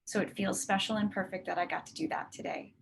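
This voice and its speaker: A woman leading a guided tapping meditation, slowly repeating affirmations and pausing for breaths. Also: medium pitch, fairly even intonation, creaky, background noise. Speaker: tapping session leader.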